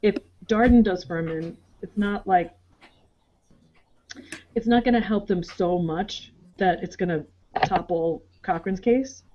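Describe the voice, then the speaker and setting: Woman cohost chatting over a video call, lively, acts out quotes, kinda muffled lo-fi sound. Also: mid-range voice, slight background noise. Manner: animated, acts out characters' lines in quick asides. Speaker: podcast co-host. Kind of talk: casual chat recap.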